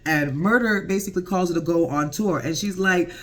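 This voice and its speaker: A man giving a casual, profane episode recap, animated and laughing often. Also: high voice, brisk. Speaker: TV show reviewer.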